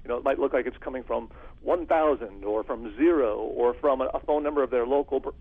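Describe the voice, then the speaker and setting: A man working as a security consultant, telling stories in an interview in an animated way and acting out phone calls. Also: mid-range voice, a little fast, husky. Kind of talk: storytelling interview answer. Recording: phone-like lo-fi audio.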